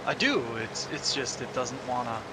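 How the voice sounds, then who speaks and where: A man playing along as a co-player, giving short, quiet replies in casual voice chat. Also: mid-range voice, very animated, moderate pace, noisy background. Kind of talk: casual voice chat during a game.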